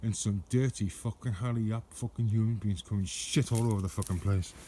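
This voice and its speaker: A man talks into a handheld camera outdoors in woodland, blunt and heavy on the swearing as he tells stories. His voice sits low and mellow. Faint outdoor noise hums under him. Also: steady tone, brisk. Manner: blunt, swears heavily, storytelling. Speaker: outdoor vlogger. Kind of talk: casual chat walking in woods.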